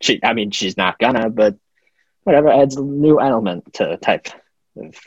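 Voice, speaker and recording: A man's voice: fairly low pitch, lively intonation, slightly rough, dry recording. A young man co-hosting a podcast, chatting casually about a movie and stumbling over his words with many restarts. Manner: halting, stammering restarts. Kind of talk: casual movie review chat. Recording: dull lo-fi mic.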